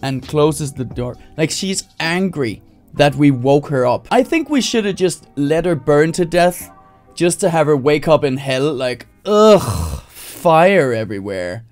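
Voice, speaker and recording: A comedian writing jokes live on a stream, thinking out loud, who breaks into high screaming voices to act out his bits and laughs at his own lines. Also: lively intonation, unhurried, faint music behind. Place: home streaming setup.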